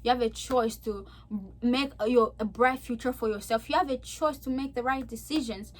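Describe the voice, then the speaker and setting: Young woman, higher-pitched voice, earnest testimony, chatty with fillers, emotional, soft-then-emphatic delivery. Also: moderate pace. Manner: chatty, with many "like" and "okay?" fillers. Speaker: vlogger sharing a faith testimony. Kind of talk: earnest personal testimony to camera.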